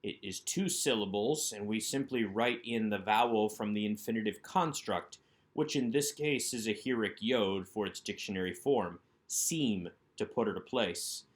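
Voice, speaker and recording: A man's voice: fairly low pitch, moderate pace. A man teaching a recorded workbook lesson as an instructor, working through each item methodically by posing a question and then answering it. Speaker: Hebrew instructor.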